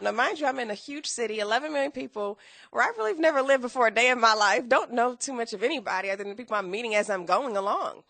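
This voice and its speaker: Gravelly-voiced woman telling her story. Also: on the high side, fast, no room sound. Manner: animated, acts out quoted dialogue with laughs. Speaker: interview guest, entrepreneur. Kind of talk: casual storytelling interview.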